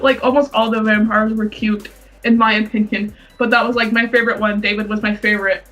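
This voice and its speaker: A woman's voice: a little high, fairly even intonation, normal speed. A young woman co-hosting a casual podcast chat, gushing and giggly, squealing when she acts out her younger self. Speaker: podcast co-host. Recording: distant mic, faint music.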